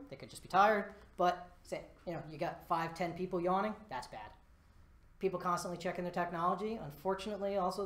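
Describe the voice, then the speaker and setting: A man giving a live conference talk, lively and self-deprecating, walking around the stage as he speaks. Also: high voice. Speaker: conference presenter. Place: presentation room before a live audience. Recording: echoey presentation room.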